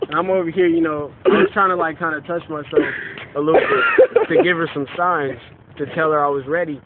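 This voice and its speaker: A young man, drunk, telling a rambling deadpan story to friends late at night, recorded on a phone outdoors. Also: a little high, brisk. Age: young adult. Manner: rambling, deadpan, many "you know what I'm saying". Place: outdoors at night, near a car. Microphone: phone camera. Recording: tinny lo-fi phone video with hiss.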